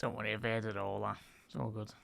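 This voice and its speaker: A man's voice: fairly low pitch, little pitch movement, quick pace, vocal fry, fairly bright tone, no echo. A man with a Liverpool Scouse accent giving live fan commentary on a football match, chatting with his viewers and laughing often. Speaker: football commentator and YouTube host.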